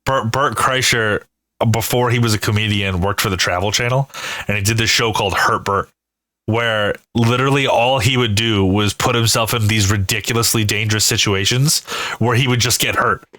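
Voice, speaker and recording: A man co-hosting a casual comedy podcast, telling stories in an animated way with lots of swearing and acted-out screams. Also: fairly low pitch, normal speed, no room sound, poor audio. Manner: animated storyteller, heavy swearing, acts out screams. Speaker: podcast co-host.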